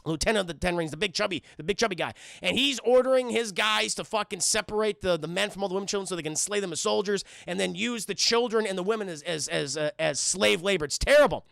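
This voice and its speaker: A man with a New York accent giving a rapid, profane, animated film recap to his livestream chat. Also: high-pitched, vocal fry, no room sound, clean studio sound. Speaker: film review streamer.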